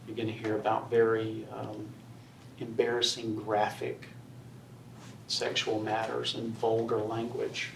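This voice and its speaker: A man defense attorney making a closing argument to a jury with forceful, repetitive persuasion. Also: on the low side, monotone, unhurried, vocal fry, a little hiss or hum. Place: courtroom. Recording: roomy distant courtroom audio.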